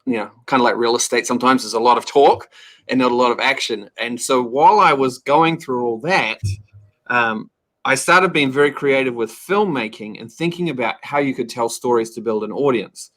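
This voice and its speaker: A man's voice: mid-range voice, normal speed, fairly bright tone. A man in his thirties with a New Zealand accent, chatting as an upbeat, joking guest on an interview show. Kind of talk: casual interview chat.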